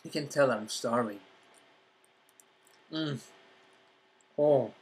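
A man chats slowly and happily through an eating vlog, with a slightly husky voice. He talks with his mouth full and keeps breaking into mm sounds of enjoyment. His pitch sits in the middle for a man. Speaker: vlogger.

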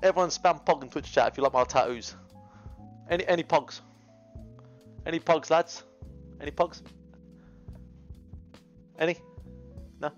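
A man livestreaming while he cooks, brash and rambling, his voice swinging to loud animated bursts. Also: fairly high pitch, normal speed, long pauses, highs cut off, soft background music. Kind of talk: casual cooking livestream chat. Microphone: GoPro camera mic.

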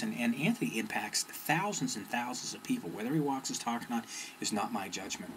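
A man's voice: mid-range voice, lively intonation, brisk, fairly bright tone, low-quality recording. A middle-aged man telling a story in a casual, rambling way, full of fillers and restarts. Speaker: personal development speaker. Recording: faint background noise.

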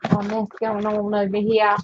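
A woman's voice: medium pitch, completely flat delivery, moderate pace, no echo. A woman hosting a casual live sale, chatting to viewers as she unboxes jewelry and counts items aloud. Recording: dull lo-fi audio with faint noise.

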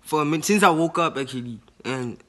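High-voiced slangy young man. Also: quick pace, fairly bright tone. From South Africa. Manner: slangy, rambling, many fillers. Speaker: YouTuber host. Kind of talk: casual chat and prank call.

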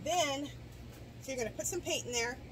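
Chatty middle-aged woman vlogger with hiccups, fairly high voice, camera set off to the side outdoors, noisy background. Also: brisk. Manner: chatty, rambling, many restarts and asides. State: hiccups and coughing. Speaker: garden vlogger. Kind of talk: casual DIY tutorial. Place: outdoors in a garden. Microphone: camera set down at a distance.

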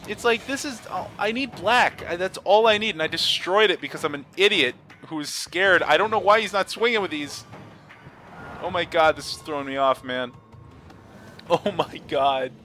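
Over soft background music, a young man narrates his own card game for a gaming video at a moderate pace. He's excitable and casual, jumping between low mutters and high yelps, with laughter and swearing.

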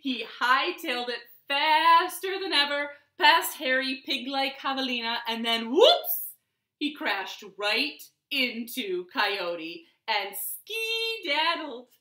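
A woman librarian giving an expressive storytime read-aloud from her living room. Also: high voice, takes it slowly, few pauses, reverberant. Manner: expressive, lively storybook reading. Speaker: children's librarian.

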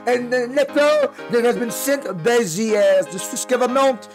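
Guy doing a pompous french leader voice, high and gravelly, "my friend" every line. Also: very animated, moderate pace, over music, exaggerated voice. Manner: theatrical, keeps saying "my friend". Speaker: player leading France. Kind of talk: multiplayer strategy game role-play.

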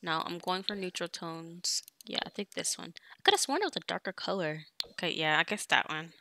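A young woman streams a let's play of her life-sim game, chatting casually with viewers and bossing her characters around. Her lowish voice sounds pushed and bright, and she talks a little fast.

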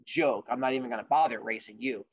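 A man's voice: medium pitch, fast talker, creaky, slightly rough, highs cut off, voice pushed down. A man voicing a boastful male rabbit who taunts the other animals in a cartoonish storytelling voice. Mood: taunting. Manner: brash, taunting. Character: cocky fast male rabbit, boastful trash-talker.

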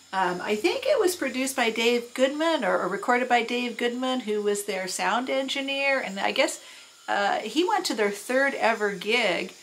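A woman's voice: creaky, fairly bright tone, a little hiss or hum, low-quality recording. A woman in her sixties chatting casually in her tiki room at home, rambling and fond, with lots of fillers and restarts. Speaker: record collector. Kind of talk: casual chat. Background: record playing low on a stereo.

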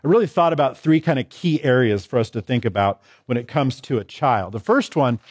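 A man's voice: medium pitch, lively intonation, fairly quick, a little mellow, dry recording. A man preaching a sermon as pastor, stressing and repeating his key phrases in contrasting pairs.

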